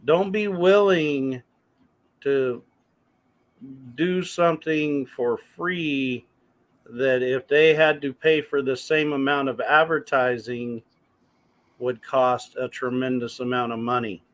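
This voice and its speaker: A man in a casual chat, giving measured advice to fellow channel owners. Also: mid-range voice, fairly even intonation, fairly bright tone. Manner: measured, advising. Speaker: guest youtuber.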